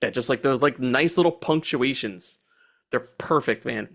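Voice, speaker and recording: A man in his forties co-hosting a podcast, chatting about a movie in an excited, profane way. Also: medium pitch, normal speed, creaky. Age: 40s. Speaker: podcast co-host. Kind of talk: casual movie chat.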